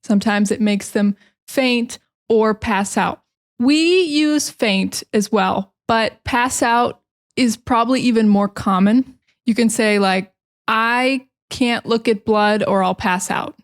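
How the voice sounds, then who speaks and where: A woman's voice: on the high side, slow pace. A young American woman teaching English phrasal verbs in a chatty, casual way, explaining each one with everyday examples.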